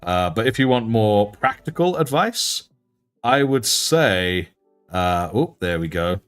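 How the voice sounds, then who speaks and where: A deep-voiced young British man chats loosely as a livestream host. His talk is chatty and self-mocking, and his pitch sits on the low side. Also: big pitch swings, slow, fairly bright tone, smooth, faint music behind. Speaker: livestream host and miniature painter. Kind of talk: casual livestream chat.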